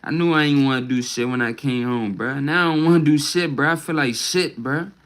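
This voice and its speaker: A man's voice: mid-range voice, a little fast, fairly bright tone, low-quality recording. A man venting on a casual livestream from home into a phone mic, rambling and profane, ending almost every phrase with "bruh".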